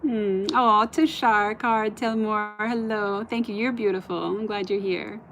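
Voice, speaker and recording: A woman live streaming outdoors at night into a phone on a stand, chatting in a bubbly way and often dropping to a soft murmur. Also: mid-range voice, fairly even intonation, measured pace, a little hiss or hum. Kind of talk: casual live stream chat. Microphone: phone camera on a stand.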